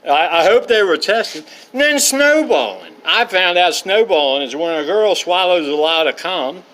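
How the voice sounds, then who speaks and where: A man's voice: high voice, very animated, moderate pace, fairly bright tone. Profane, rambling man with a raised voice. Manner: profane, digressive, blunt. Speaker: storyteller. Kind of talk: rambling personal anecdotes.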